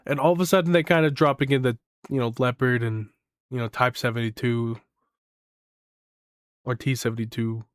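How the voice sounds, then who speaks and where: A young man giving casual reaction commentary as a gaming YouTuber, excitable and rambling, swearing and saying "like" a lot. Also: mid-range voice, normal speed, pauses often, smooth, no echo, clean studio sound.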